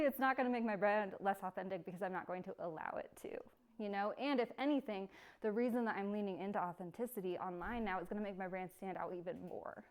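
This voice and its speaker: A young woman giving a casual live workshop, chatty and bubbly, laughing often. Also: mid-range voice. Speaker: workshop presenter.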